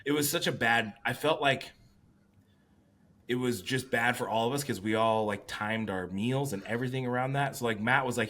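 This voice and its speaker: A man and competing bodybuilder, co-hosting a casual podcast, telling stories with lots of swearing and animated quoting of others. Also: mid-range voice, moderate pace. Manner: profane, animated storytelling.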